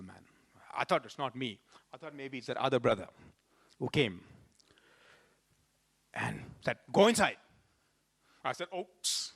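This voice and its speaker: Young guy telling a story to a crowd, acts out all the voices, bright punchy tone. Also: on the high side. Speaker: speaker sharing devotional memories. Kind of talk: storytelling talk to a live audience.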